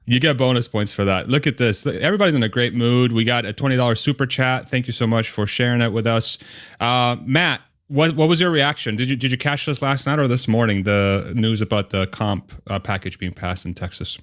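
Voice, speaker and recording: An upbeat man hosts a casual live stream, quick to laugh and now and then stumbling over a word. His voice sits in an ordinary middle pitch. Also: fairly bright tone. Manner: upbeat, laughs often, trips over words.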